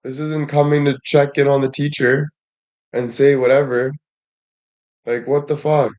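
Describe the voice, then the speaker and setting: A man's voice: medium pitch, level tone, a little slow, a little mellow. A man livestreaming and addressing his chat in a heated rant, frustrated, swearing often and repeating himself.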